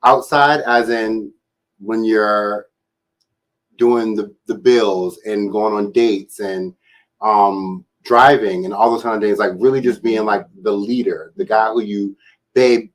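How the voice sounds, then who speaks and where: A man's voice: lowish voice, fairly even intonation, slow pace, rough recording. A man asking questions in a casual podcast chat, playful and teasing.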